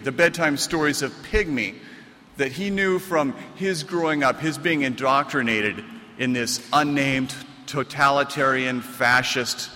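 A man's voice: medium pitch, long reverb tail, a little hiss or hum. An American man, an author at a reading, telling a comic, self-mocking story to a live audience. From United States. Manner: animated, self-mocking delivery.

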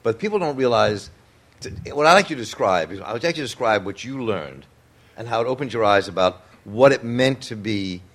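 A man's voice: on the low side, expressive, brisk, hardly any pauses, a bit bright. A man interviewing a guest, thoughtful and restarting his questions as he frames them. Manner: thoughtful, rephrases questions mid-sentence. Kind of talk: conversational interview.

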